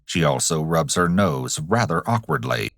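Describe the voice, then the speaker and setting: A man giving a measured, scripted narration that analyses behaviour. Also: rumbling low, expressive, fairly bright tone. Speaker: narrator analysing body language.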